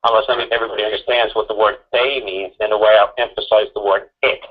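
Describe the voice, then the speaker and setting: A man's voice: lowish voice, steady tone, fast talker. A man on a call-in talk show, lecturing insistently with repeated rhetorical questions and some swearing, heard through a muffled lo-fi broadcast recording. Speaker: guest speaker on a call-in show. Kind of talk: emphatic talk radio lecture.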